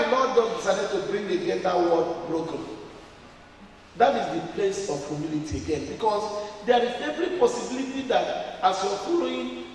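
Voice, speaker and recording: A man with a Nigerian accent preaching a sermon in call-and-response style, rising to shouts. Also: sits high, expressive, moderate pace, slight background noise. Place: church. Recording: echoey church hall, mic far off.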